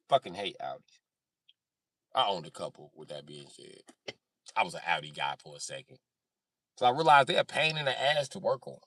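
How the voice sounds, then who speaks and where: A man's voice: low voice, very animated, brisk, long pauses, fairly bright tone, no room sound. A man chatting on a livestream, joking and cursing in a rambling way. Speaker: livestream host. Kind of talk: casual livestream chat.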